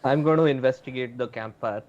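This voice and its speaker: A man's voice: mid-range voice, a little fast, a little mellow. A man with an Indian English accent playing a tabletop game, speaking briefly and matter-of-factly. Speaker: player. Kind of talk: casual tabletop play. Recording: dull lo-fi mic.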